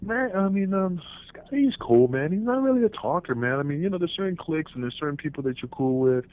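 A man, a former pro wrestler, telling backstage stories in a casual interview, animated and profane, acting out what others said. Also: on the high side, quick pace. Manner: animated, profane, acts out quotes in raised voices. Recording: tinny phone line, dry.

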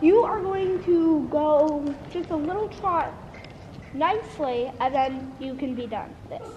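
A young woman riding in an arena chats playfully with her mother and her horse. Her voice is high. The camera sound is dull and lo-fi, with clear noise behind her. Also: a little slow, darkish tone. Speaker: daughter, rider. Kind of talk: casual chat while riding.

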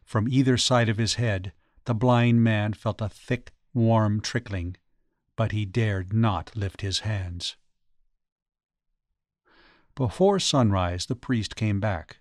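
A man narrating a ghost story audiobook in a measured, dramatic way. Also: lowish voice, dry recording, studio quality. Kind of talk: scripted narration.

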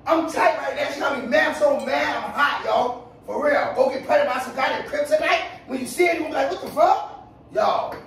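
A man with a gravelly voice sulks and mumbles his complaints, often trailing off. He sits well back from the mic, and the living room rings around him. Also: very high-pitched, fairly quick, a bit bright, slight background noise. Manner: sulky, mumbling. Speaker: vlogger boyfriend. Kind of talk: casual couple prank video. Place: home living room, on a couch. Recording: roomy echo, distant mic.

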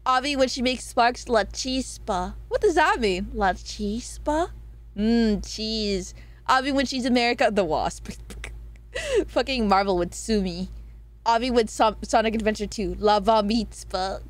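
A young woman streaming casually, reading viewer messages out loud with giggles, jokey asides and plenty of swearing; her voice is going a bit hoarse. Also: fairly high pitch. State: voice getting hoarse.

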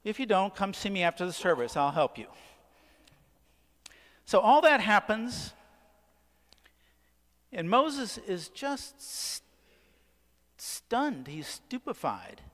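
Male pastor, slightly high voice, unhurried sermon delivery with dramatic pauses, long church reverb. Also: big pitch swings, fairly bright tone. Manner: questions the congregation, dramatic pauses. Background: church sanctuary.

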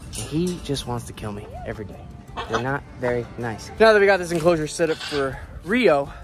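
A man's voice: on the high side, a little fast, over music. A man chatting casually in an outdoor vlog while working around his animals, laid-back and swearing now and then. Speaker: vlogger and animal keeper.

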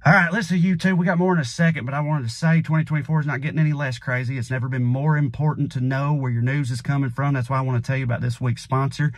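A man's voice: medium pitch, fairly even intonation, fast, hardly any pauses, dry recording. A man delivers a punchy, sardonic comedy monologue in a folksy drawl. His voice sits mid-range, and the close mic gives a dry, intimate sound. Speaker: comedian host.

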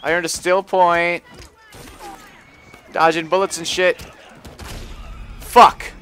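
A man giving live gameplay commentary on a stream, often frustrated and cursing with loud outbursts. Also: high voice, level tone, takes it slowly, a little hiss or hum. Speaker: gaming livestreamer.

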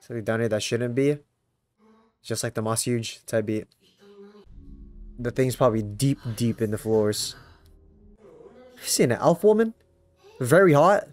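A young man hosting a casual anime reaction, slangy and swearing, with sudden excited yelps. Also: medium pitch, measured pace, long pauses.

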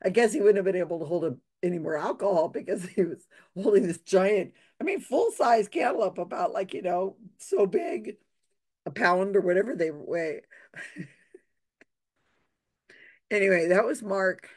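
A woman's voice: medium pitch, expressive, moderate pace, a little mellow. A woman casually telling a personal anecdote, laughing often and restarting her sentences. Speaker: storyteller sharing a memory.

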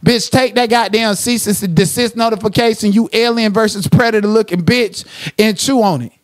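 On his commentary channel's livestream, a high-pitched man rants at normal speed. His tone is profane, confrontational and full of trash talk, punctuated at times by sing-song asides.

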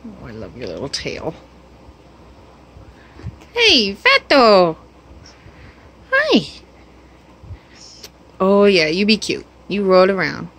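A woman's voice: fairly low pitch, very animated, moderate pace, vocal fry, few pauses, husky. A woman at home talking to her pets in a teasing, sing-song baby-talk voice. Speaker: pet owner filming her animals. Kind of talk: casual pet talk.

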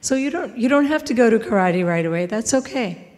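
A woman in the audience playing a parent, talking in a calm, soothing, reassuring way. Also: on the high side, brisk, big-room sound. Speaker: audience member. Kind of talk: improvised role-play as a parent.

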